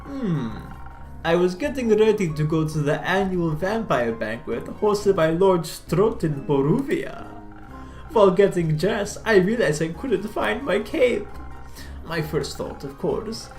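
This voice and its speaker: A streamer voicing a dramatic, fussy male vampire in a theatrical, pompous way, pitched higher than their own voice. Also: expressive, unhurried, a little mellow, echoey room, faint music behind. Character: dramatic fussy male vampire who lost his cape. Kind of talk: reading game dialogue aloud.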